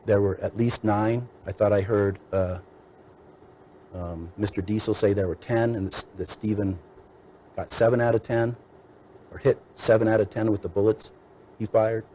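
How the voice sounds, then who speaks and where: A man as defense attorney giving a measured, methodical courtroom mitigation argument, laying out point after point. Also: lowish voice, fairly even intonation, dark tone, slight background noise, low-quality recording.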